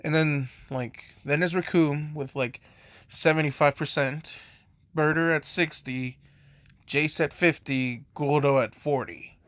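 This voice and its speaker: A man's voice: on the high side, fairly even intonation, measured pace, fairly bright tone, no echo. A man telling a fan-made story in a rambling, casual way, full of fillers and swearing.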